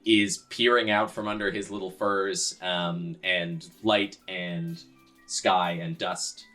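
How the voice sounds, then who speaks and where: Low-voiced man narrating a tabletop game. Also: takes it slowly, soft background music. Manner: relaxed, descriptive, frequent fillers. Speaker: game master.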